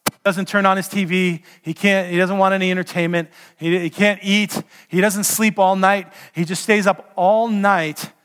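High-voiced pastor preaching in a reverberant hall. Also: male voice, moderate pace, clean tone. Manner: storytelling, animated, direct questions to listeners. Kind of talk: sermon.

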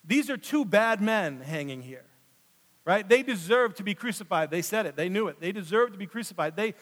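Male preacher with a high voice, sermon delivery that rises to emphasis and falls to a hush, long church reverb. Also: lively intonation. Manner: swings between loud emphatic passages and hushed, slow drops. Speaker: pastor. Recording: long reverb of a large hall.

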